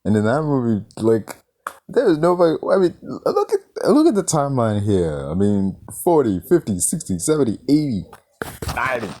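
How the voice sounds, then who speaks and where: A man's voice: mid-range voice, very animated, normal speed, a little mellow. A man reviewing a movie in an exasperated, incredulous rant, swearing often and firing off questions. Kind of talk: ranting film review.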